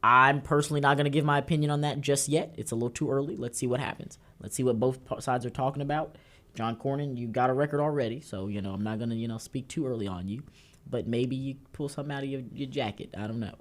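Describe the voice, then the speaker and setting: A young man co-hosting a political talk show, bantering casually and telling stories with lively asides to the audience. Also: medium pitch, fast talker. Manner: animated storytelling, mimics others.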